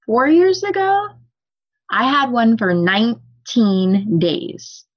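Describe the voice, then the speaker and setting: A woman's voice: a little high, very animated, takes it slowly. Laughing woman podcaster, muffled mic. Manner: talkative, laughs often, tells personal stories. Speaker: podcast co-host. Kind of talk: casual book discussion chat.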